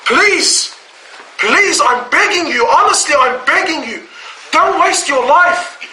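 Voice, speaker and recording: A man's voice: very high-pitched, expressive, takes it slowly, bright, forceful tone. A man delivering an impassioned sermon to a live audience indoors, pleading with his listeners through rhetorical questions and casual slang asides. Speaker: Islamic preacher. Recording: echoey hall, voice from far off, faint noise.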